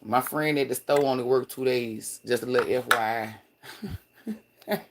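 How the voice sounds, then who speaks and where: A man chatting casually on a livestream, rambling and profane, swinging between loud excited bursts and low mutters. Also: normal speed, noisy background. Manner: profane, slangy, laughs often. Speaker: livestream host.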